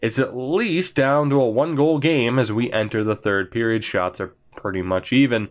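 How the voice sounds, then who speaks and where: Man, gaming commentator, chatty, excitable, recovering from being sick. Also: mid-range voice, normal speed. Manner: chatty and excitable, laughs often. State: getting over being sick. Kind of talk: video game let's-play commentary.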